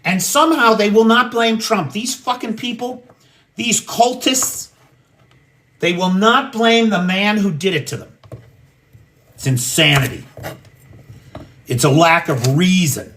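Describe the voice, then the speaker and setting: A man's voice: sits high, animated, unhurried, pauses often, a bit bright, slight background noise. An American man hosting a casual livestream from his home kitchen, cooking and talking in a blunt, profane, ranting way. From United States. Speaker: livestream host.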